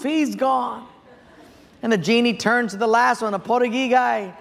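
A pastor preaching a sermon, telling stories with animation and asking the congregation questions. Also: male voice, very high-pitched, normal speed, gravelly. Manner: animated storytelling, audience questions. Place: church sanctuary. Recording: long church reverb.

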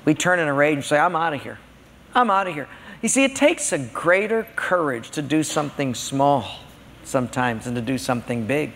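A man preaching to a congregation. His voice sits high for a man and has a gravelly grain. He talks in a conversational, storytelling way, and long reverb from a big hall hangs after each phrase. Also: lively intonation, a little fast, fairly bright tone. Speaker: pastor. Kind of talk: sermon.

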